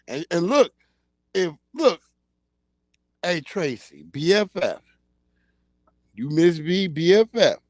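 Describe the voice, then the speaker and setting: A man hosting a livestream, chatting in a casual comedic way, laughing often and acting out loud yelled quotes. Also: a little high, dry recording. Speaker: livestream host.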